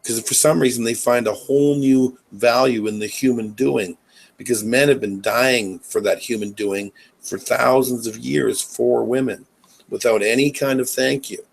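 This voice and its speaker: A man's voice: medium pitch, fairly even intonation, moderate pace, creaky, slightly rough, low-quality recording. A man hosting a casual live chat on a video call, questioning and pushing back on his guest. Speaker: host.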